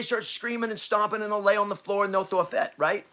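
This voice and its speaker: A man in his fifties hosting a podcast, giving a preachy motivational talk that swings between loud bursts and hushed asides. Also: high voice, quick pace. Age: 50s. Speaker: podcast host.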